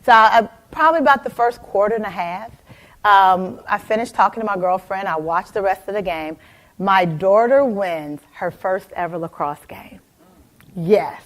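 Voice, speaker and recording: A woman in her forties telling a personal story in a lively keynote talk, calling out to audience members by name. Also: mid-range voice, normal speed. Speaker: motivational speaker.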